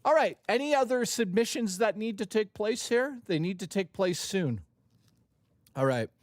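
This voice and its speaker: A man hosting a casual gaming stream, joking with chat in an animated, profane way. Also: high voice, moderate pace, no echo.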